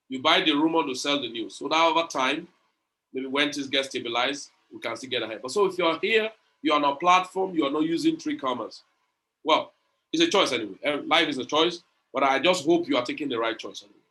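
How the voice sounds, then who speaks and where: A man with a high-leaning, pushed and bright voice leads an online crypto community session. He speaks in a preachy, motivational manner, repeating phrases and retelling conversations.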